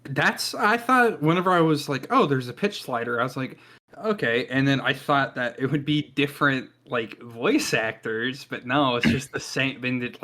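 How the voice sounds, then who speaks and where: A man's voice: medium pitch, bright, forceful tone. A man chatting casually on a podcast in an easygoing, rambling way. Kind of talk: casual chat.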